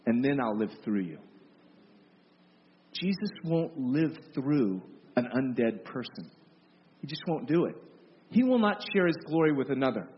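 An impassioned male preacher with a high voice delivers an emphatic, scolding sermon. His words ring out with a long reverb in a large hall. The recording is muffled and carries a faint hiss.

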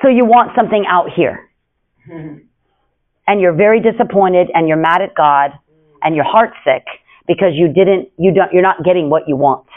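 A man preaching an informal sermon in an earnest, repetitive way, swinging between hushed lines and emphatic ones. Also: sits high, normal speed, long pauses, phone-quality sound.

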